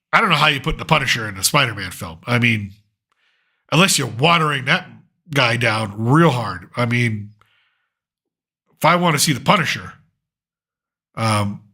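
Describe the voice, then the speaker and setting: A man's voice: mid-range voice, pushed and bright. A middle-aged man hosting a pop culture commentary show, ranting sarcastically and swearing freely. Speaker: host.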